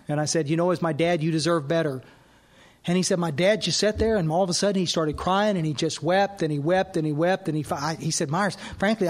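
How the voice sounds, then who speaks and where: A man with a slightly high voice speaks at a recovery workshop, telling a personal story. He acts out both sides of a conversation, and his telling stumbles and restarts often as it builds. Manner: animated, acts out dialogue, frequent restarts. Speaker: AA speaker and sponsor. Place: workshop hall.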